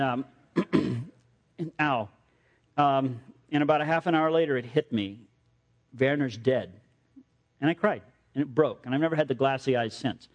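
A middle-aged male pastor preaches in a sermon that leans on personal stories. He acts out what others said and slips in dry humor. His pitch sits mid-range for a man.

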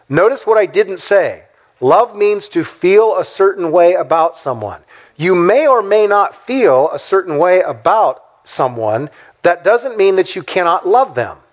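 A man preaching with a high, lively voice that swoops up and down. His delivery is emphatic, and he slips into mock-sarcastic asides. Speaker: pastor. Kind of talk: sermon.

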